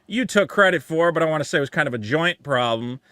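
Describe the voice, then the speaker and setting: A man's voice: a little high, animated, fast talker, sharp tone, clean tone, dry recording, studio quality. A man co-hosting a comedy podcast who talks in casual banter with a wry, sarcastic delivery. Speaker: podcast co-host.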